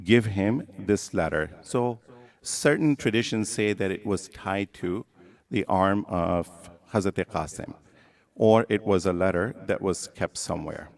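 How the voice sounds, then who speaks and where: A man giving a religious sermon as emotional storytelling, building from hushed telling to impassioned, near-chanting cries. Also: sits low, a little slow, creaky. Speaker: religious speaker.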